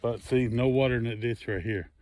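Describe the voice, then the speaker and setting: A man's voice: medium pitch, steady tone, brisk, a little mellow. A man, filming outdoors on a phone as he climbs a hill, rambling in a folksy way about the landmarks below and a bit out of breath. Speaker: hiker filming his walk. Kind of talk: casual handheld vlog narration. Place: outdoors on a hillside. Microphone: phone held by the speaker. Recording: outdoor phone recording with noise.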